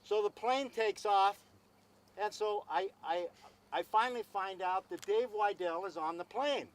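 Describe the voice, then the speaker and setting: At an outdoor celebration, a man with a high-pitched voice tells a long anecdote at an unhurried pace. He acts out both sides of a conversation and repeats himself along the way, and the recording is rough.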